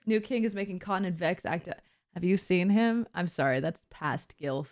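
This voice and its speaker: Playful, lively young-sounding woman streamer. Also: lowish voice, normal speed. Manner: playful, teasing, easily flustered; slips into a mock posh accent. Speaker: streamer host. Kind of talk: casual chat stream.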